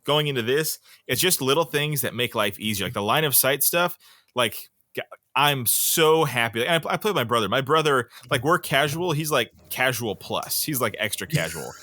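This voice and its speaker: A man's voice: mid-range voice, lively intonation, moderate pace, sharp tone, no room sound. An American man co-hosting a gaming podcast, chatting casually and enthusiastically, with many filler "like"s. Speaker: podcast co-host. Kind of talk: casual chat.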